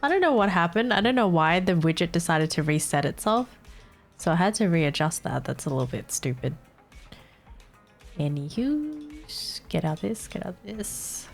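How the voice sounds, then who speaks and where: A woman's voice: fairly low pitch, sing-song, moderate pace, faint music behind. A young woman streaming live, chatting casually and swearing as she fixes her setup, sounding a little congested.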